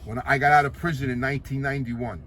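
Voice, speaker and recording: A man's voice: mid-range voice, fairly even intonation, fast talker, a bit bright, slight background noise. Blunt New York man telling stories. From Queens, New York. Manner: blunt, profane, streetwise, re-enacts dialogue. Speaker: storyteller recounting his past. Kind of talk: casual anecdotal storytelling.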